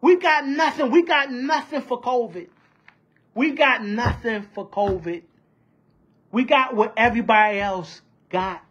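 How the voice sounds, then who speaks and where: A woman's voice: fairly high pitch, measured pace, husky. A woman speaking out fiercely about union politics, piling up rhetorical questions and repeating her points. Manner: fiery, repetitive, rhetorical questions. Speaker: union member. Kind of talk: impassioned union-politics rant.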